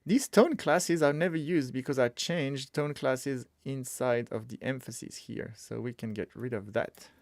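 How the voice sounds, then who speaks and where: Man, casual live-coding talk, mid-pitched, dry close sound, thinking aloud. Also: measured pace, few pauses, no room sound. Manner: thinks aloud, mutters to himself while working.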